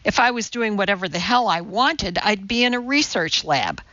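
A woman's voice: mid-range voice, big pitch swings, normal speed, bright, forceful tone, dry recording, lo-fi sound. A woman voicing a blunt, exacting woman chemist in an audiobook, speaking matter-of-factly. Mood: irritated.

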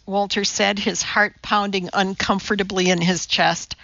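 A woman narrating an audiobook in a measured, even storytelling manner. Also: medium pitch, creaky, dry recording, lo-fi sound. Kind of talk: scripted narration.

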